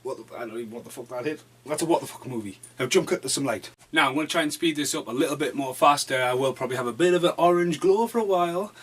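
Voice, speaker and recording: A man's voice: on the high side, quick pace, hardly any pauses, a bit bright, a little hiss or hum. Swearing, rambling man. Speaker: movie reviewer. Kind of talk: casual movie review vlog. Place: dim room at home.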